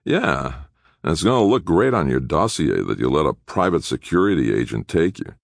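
A man's voice: very deep voice, big pitch swings, normal speed, gravelly, no echo, studio quality, full character voice. A man playing a cocky male private security agent who talks with a lazy, wry ease.

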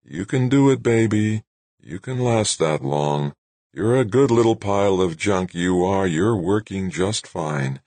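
A man voicing a calm male team leader who coaxes softly. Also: a bass voice, moderate pace, slightly rough, no room sound, heavily acted. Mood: coaxing. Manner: soft, cooing, half-whispered. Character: calm male project leader, coaxing and steady.

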